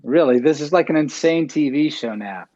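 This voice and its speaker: A man's voice: fairly high pitch, normal speed, warm tone. A man joining a casual online group chat as a guest, joking and rambling with stammers. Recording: muffled online audio.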